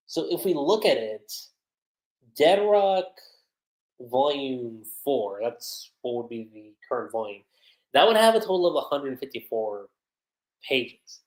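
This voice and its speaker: A streamer hosting a casual livestream review of a manga chapter, talking in a chatty, animated way with lots of fillers. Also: mid-range voice, moderate pace. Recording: roomy echo.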